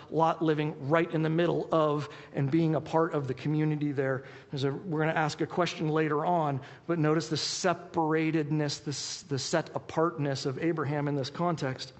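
Fast-talking male pastor in an echoing hall. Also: fairly high pitch. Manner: quick, animated, with frequent restarts. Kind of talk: sermon with Bible reading. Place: warm church hall. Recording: reverberant hall.

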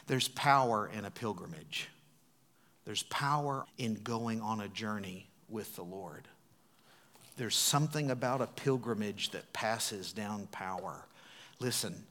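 Expressive male pastor preaching a sermon. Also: on the low side, unhurried. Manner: expressive storytelling with big swings from loud to hushed.

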